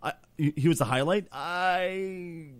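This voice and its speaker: A man's voice: on the high side, a little slow, a crowd in the background. Emphatic, cursing man with a raised voice. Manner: emphatic, swears, stumbles over words. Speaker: podcast co-host, reviewer. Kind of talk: casual chat.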